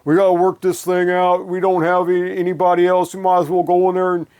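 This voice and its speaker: A man's voice: high-pitched, monotone, fairly quick, a little mellow, voice pushed up. A man putting on a laid-back, drawling male rock singer in a mocking impression.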